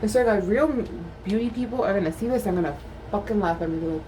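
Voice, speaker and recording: Woman vlogger, mid pitch, loose self-mocking chatter with swearing, noisy home recording. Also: quick pace. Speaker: beauty vlogger; mother of a toddler. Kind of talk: casual chat while doing makeup.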